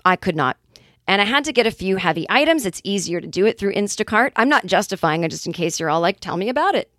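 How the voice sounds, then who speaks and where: Woman, 40s, comic podcast host; wry, chatty monologue, mid pitch, dead-dry sound. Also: animated, a bit bright, dry recording. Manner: chatty and wry, with quick acted-out asides. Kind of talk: casual comedic monologue.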